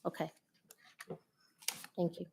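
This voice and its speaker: A woman's voice: slow pace, mellow, slight background noise. A woman giving public comment at a city council meeting, earnest and polite, with hesitant fillers. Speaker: resident speaking at public comment. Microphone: podium microphone.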